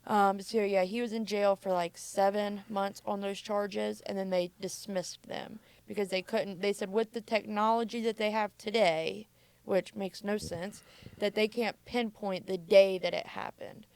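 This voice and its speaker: In a medium-pitched voice that's gravelly, a little mellow and smooth, a mother guesting on a podcast tells candid stories about her past. She speaks at a measured pace with fairly even intonation, using "like" often, and there's no echo.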